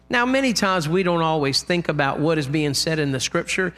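A man preaching a sermon in a church, impassioned, loudly crying out the lines he quotes. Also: a little high, animated, a little fast, hardly any pauses.

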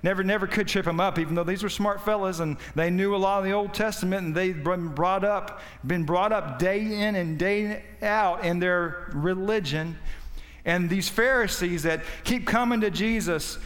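A man preaching a sermon with passion, his voice swinging between loud high peaks and low quiet stretches. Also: long reverb tail. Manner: impassioned, rising and falling in pitch and volume.

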